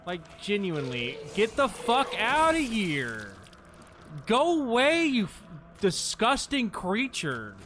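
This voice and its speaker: A man streaming a horror game, yelling and swearing in exasperation at an enemy that blocks his way, then laughing it off. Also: high-pitched, huge pitch swings, slow, slight background noise. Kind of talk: casual gameplay commentary.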